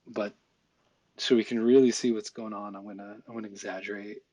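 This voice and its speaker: A man talking through a software tutorial in a casual, think-aloud way, with fillers and small asides as he works. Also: lowish voice, steady tone, fairly quick, no room sound. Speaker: visual effects tutorial instructor. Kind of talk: screen-recorded software tutorial.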